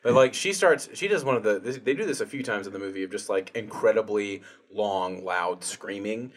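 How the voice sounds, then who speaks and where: A man chatting casually about a horror movie, swearing freely and acting out lines from it in loud voices. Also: lowish voice, moderate pace. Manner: profane, animated, acts out quotes in loud put-on voices. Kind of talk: casual movie review chat.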